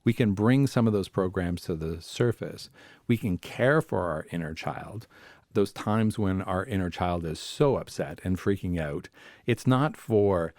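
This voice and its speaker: This is a man speaking as a family therapist on a podcast, telling stories about his life. His voice sits low, and he sometimes acts out the voices of people in his stories. The recording is dry and close, with no room sound. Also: animated, measured pace, a little mellow, no room sound. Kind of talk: conversational podcast storytelling.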